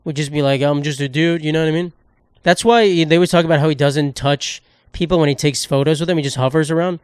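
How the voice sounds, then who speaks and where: A man's voice: a little high, quick pace, clear, resonant tone, no echo, clean studio sound. A man hosting a solo podcast, ranting in a rambling, sarcastic, profane way and cutting himself off mid-thought. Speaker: podcast host.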